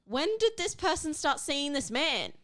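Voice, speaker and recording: Young woman, podcast co-host, blunt, swears a lot, laughs a lot, high-pitched. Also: very animated, a little slow, a bit bright, no room sound, studio quality. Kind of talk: casual chat.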